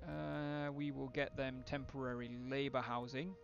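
Streamer, man, gravelly voice, dry asides, slightly dull lo-fi desk mic audio. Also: medium pitch, little pitch movement, unhurried, music in the background. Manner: thinking aloud, casual, wry asides. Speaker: game streamer. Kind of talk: live strategy game commentary.

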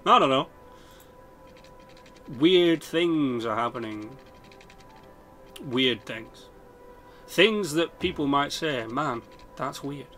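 Brief: male let's-play host, rambling and foul-mouthed, forceful bright tone, faint music under. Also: mid-range voice, lively intonation, slow pace, long pauses. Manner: rambling, swears a lot, self-mocking. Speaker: gaming channel host.

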